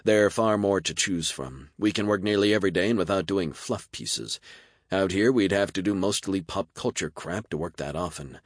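A man's voice: low voice, normal speed, no echo, clean studio sound, pitched above the performer's own voice. A man voicing a practical young woman news producer who speaks bluntly and matter-of-factly.

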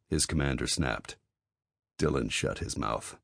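A man narrating an audiobook in an even, measured reading. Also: very deep voice, creaky, no echo. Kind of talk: scripted narration.

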